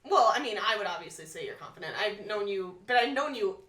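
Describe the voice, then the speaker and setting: Bright woman heard from a distance. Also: medium pitch, lively intonation, fast talker. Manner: teasing, questioning. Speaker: podcast co-host. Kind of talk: casual chat. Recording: echoey room, distant mic.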